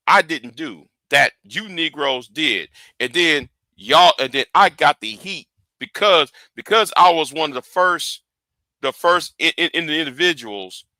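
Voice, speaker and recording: A man's voice: on the high side, bright, forceful tone, no room sound. A man hosting a livestream rant, lecturing his viewers and often repeating and restarting his phrases. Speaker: livestream host.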